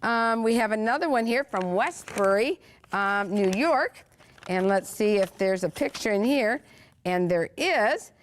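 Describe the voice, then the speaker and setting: A woman's voice: mid-range voice, animated, unhurried, slight background noise. A woman hosting a children's TV show, reading viewer letters aloud and speaking in an encouraging way directly to the children.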